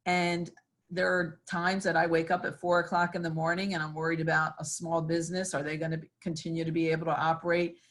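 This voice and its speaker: A middle-aged woman with a low-pitched voice answers interview questions as a state senator. She talks earnestly, with plenty of ums and restarts. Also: level tone, brisk. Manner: earnest, with many fillers.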